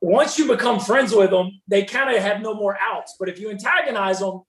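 A man guesting on a podcast, telling animated stories as a former ballplayer turned commentator. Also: high voice, a little fast. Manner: animated, acts out hecklers' shouting in stories. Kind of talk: casual storytelling. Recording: roomy and distant from the mic.

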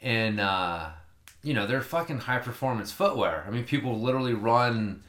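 A man's voice: mid-range voice, lively intonation, moderate pace, a bit bright, echoey room. A man telling a long story in casual chat, rambling and swearing freely.

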